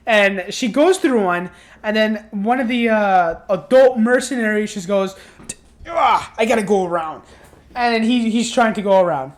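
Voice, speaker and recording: A worn-out reviewer rambling through a casual spoken review late at night. The talk keeps restarting and breaking into exasperated asides. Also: medium pitch. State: tired and yawning. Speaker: show reviewer.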